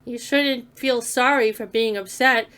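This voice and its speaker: Bright-voiced sarcastic woman commentator. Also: fairly high pitch, a little slow, a little hiss or hum. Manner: sarcastic, scolding. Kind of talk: mocking voice-over commentary.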